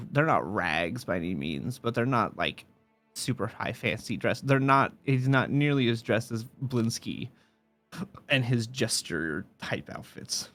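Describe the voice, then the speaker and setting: A man's voice: mid-range voice, a bit bright, no room sound. A man narrating a tabletop game as dungeon master, rambling with many fillers and restarts.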